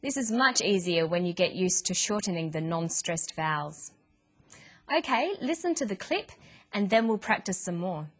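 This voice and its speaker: A woman narrating a scripted English pronunciation lesson in a clear, measured way. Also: fairly low pitch, big pitch swings. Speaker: English teacher.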